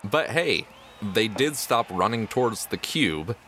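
A man's voice: lowish voice, lively intonation, slow pace, a bit bright, a little hiss or hum. A man narrating as game master of a tabletop game, playful and often chuckling.

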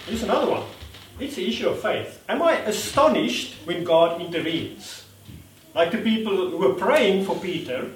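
A man gives a sermon in a church hall. He talks conversationally, with a lively, high-leaning voice that he swings widely as he acts out quotes. He is recorded from a distance in a roomy space with faint background noise. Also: moderate pace. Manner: self-deprecating, laughs at himself. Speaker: preacher. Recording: echoey room from a distance.

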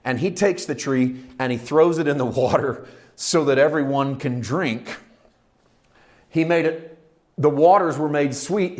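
A man teaching a Bible study in a lively, conversational way, often laughing and acting out the people in the story. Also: medium pitch. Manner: lively, laughs often, acts out quoted lines.

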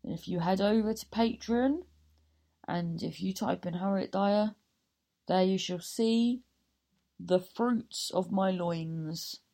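A woman's voice: medium pitch, slow, warm tone. A woman comedian hosting her own podcast, wrapping up an episode in a rambling, self-mocking way that keeps losing its thread. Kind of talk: casual podcast sign-off.

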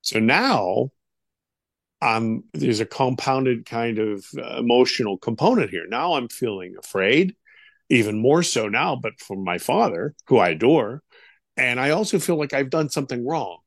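Middle-aged male guest, gravelly storyteller, animated, with plenty of "you know"s. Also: mid-range voice, measured pace, no echo, studio quality. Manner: animated, acts out quoted voices, many fillers. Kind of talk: interview storytelling.

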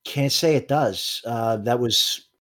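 A man voicing a gruff middle-aged male contractor and father, with a put-on Boston accent and a blunt, folksy way of talking. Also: medium pitch, fairly bright tone. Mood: evasive. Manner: blunt, folksy, quick to bristle.

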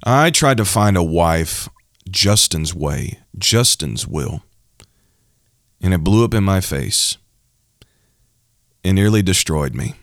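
A young preacher man with a very low voice gives a heartfelt testimony, pressing his points home by repeating phrases. He is recorded close and dry, with no room around him. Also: animated, unhurried, pauses often, no echo. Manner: emotional, emphatic, repeats phrases for effect. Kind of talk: personal testimony in a preaching style.

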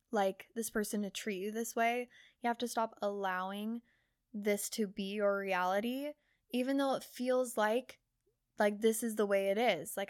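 A woman's voice: mid-range voice, dry recording, studio quality. A young woman hosting her own podcast, talking casually and earnestly with lots of "like" fillers and the odd swear. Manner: chatty, earnest, filler-heavy with frequent "like" and swearing. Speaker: podcast host. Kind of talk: casual solo podcast talk.

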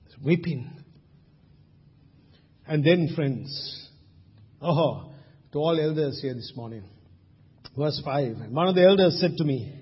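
Husky high-voiced male preacher. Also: animated, unhurried, pauses often. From Sri Lanka. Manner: emphatic preaching with rhetorical questions. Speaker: pastor. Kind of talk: sermon. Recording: dull lo-fi sound with long hall reverb.

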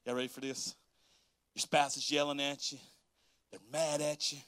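A man's voice: a little high, level tone, moderate pace, fairly bright tone, no echo, clean studio sound. A man preaching a sermon as pastor, folksy and dialect-heavy, laughing often and acting out quotes.

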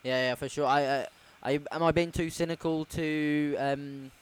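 A man's voice: fairly high pitch, fairly even intonation, normal speed, a little hiss or hum. A man co-hosting a sports podcast, chatting casually with hesitant ums and a wry edge. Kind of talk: casual chat.

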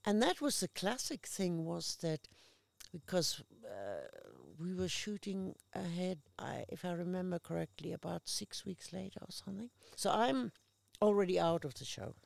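A woman, a guest actress, telling lively anecdotes in casual conversation and acting out the people she quotes. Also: fairly low pitch, normal speed, vocal fry, no room sound. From Australia. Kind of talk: casual chat.

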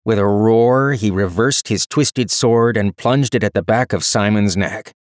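A man giving scripted narration of a fantasy story in a steady storytelling manner. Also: fairly low pitch, measured pace, no room sound, studio quality.

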